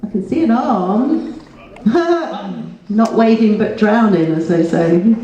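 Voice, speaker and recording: Brief: female panel guest, laughing often, mellow tone, distant mic in a big echoey hall. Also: medium pitch, animated, takes it slowly, muffled recording, a little hiss or hum. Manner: giggly, self-mocking chat. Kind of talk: convention Q&A. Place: convention hall.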